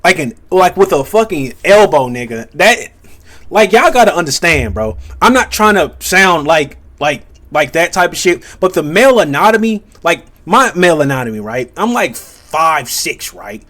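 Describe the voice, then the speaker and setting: A man's voice: a little high, big pitch swings, normal speed, a bit bright. A man hosting a reaction video, talking in a rambling, casual way with lots of fillers and swearing. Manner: rambling, profane, many fillers.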